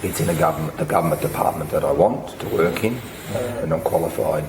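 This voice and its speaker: A man with laryngitis speaking hoarsely and hesitantly as a volunteer client in a role-play therapy session. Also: a bass voice, fast talker. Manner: hesitant, with many ums and restarts. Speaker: workshop volunteer playing a client. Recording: echoey room with noise.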